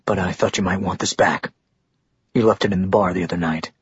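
A tall, brooding young man who speaks quietly, lower and softer than the narration, as a male reader voices him. The voice is husky. The recording sounds dull and dry. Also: steady tone, fairly quick, no room sound. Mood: subdued. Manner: quiet, subdued.

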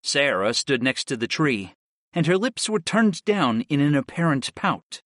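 A man narrating a fantasy audiobook in the first person, with a steady, expressive delivery. His voice sits a little high for a man and moves lively up and down. The sound is dry and close. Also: a little slow, no echo.

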